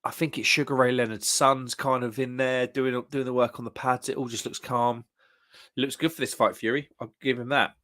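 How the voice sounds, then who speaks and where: A British man in relaxed live-stream chat, talking at a middling pitch. He is chatty and easygoing. He reads viewers' comments aloud and chuckles often as he goes. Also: fairly quick.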